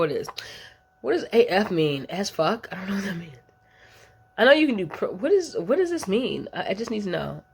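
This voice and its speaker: Blunt, profane woman in her thirties. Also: fairly low pitch. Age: 30s. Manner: blunt, profane, slangy and rambling. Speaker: vlogger. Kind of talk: casual storytime monologue.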